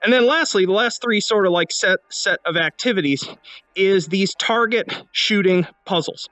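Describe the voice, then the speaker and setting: A man's voice: sits high, normal speed, sharp tone, no echo, poor audio. A man, a game developer, talking through his game's new features in a casual devlog walkthrough while playing, often restarting his sentences. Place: indoor room at home.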